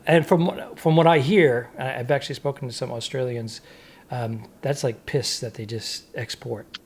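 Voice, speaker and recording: A man's voice: mid-range voice, fairly even intonation, moderate pace, slight background noise. A man co-hosting a comedy podcast in casual chat, joking and tossing in sound effects and asides. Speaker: podcast co-host.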